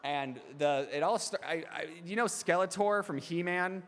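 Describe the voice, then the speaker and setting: A man's voice: a little high, moderate pace, a bit bright. A young man with a somewhat raised voice fields fan questions on a stage mic, wandering off on tangents, chuckling and tripping over his own restarts. The sound carries the long ring of a big convention hall. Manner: rambling, laughing, restarts often. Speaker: animator answering fan questions. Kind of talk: live fan Q&A panel. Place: large convention hall, in front of an audience.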